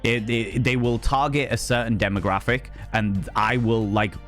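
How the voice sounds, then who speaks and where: A man's voice: mid-range voice, steady tone, moderate pace, fairly bright tone, faint music behind. A middle-aged man streaming live, ranting to his chat in a heated, sweary, rambling way with many restarts. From United Kingdom. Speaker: livestreamer.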